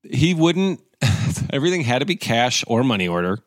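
A man telling a long story in a casual podcast chat, animated, acting out other people's lines in raised voices. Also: medium pitch, moderate pace, no room sound, studio quality.

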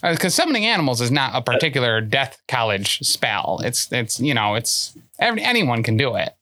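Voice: mid-range voice, big pitch swings, normal speed, sharp tone. A tabletop game player talking in character, earnest and matter-of-fact, with frequent fillers and restarts as they explain things.

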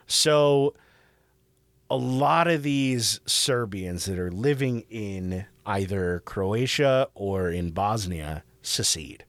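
A man hosting a podcast, telling history in a casual, profane, animated way. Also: medium pitch, slow pace, no echo. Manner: profane, animated, acts out quoted voices. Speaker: podcast host.

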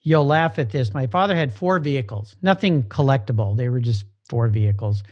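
Middle-aged man telling an animated story. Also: medium pitch, a little fast. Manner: animated, acts out quoted dialogue. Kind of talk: casual storytelling. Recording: slightly dull lo-fi recording with faint music.

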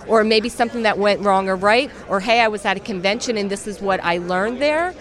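Woman podcast guest, higher voice, chatty storyteller, crowded convention hall behind. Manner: chatty, animated storytelling with acted-out quotes. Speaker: podcast guest, social media marketer. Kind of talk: convention floor interview. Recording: noisy crowd around.

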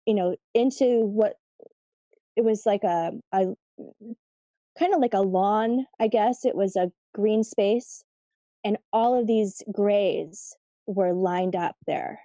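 A woman's voice: mid-range voice, slow pace, pauses often, warm tone, no echo, muffled recording. A woman telling a personal story in a casual, chatty way, full of "like" and "you know".

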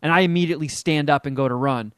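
A middle-aged man casually telling a story on a podcast, animated and acting out the people he quotes. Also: fast talker, smooth, dry recording, clean studio sound. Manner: animated, acts out quotes with big pitch jumps.

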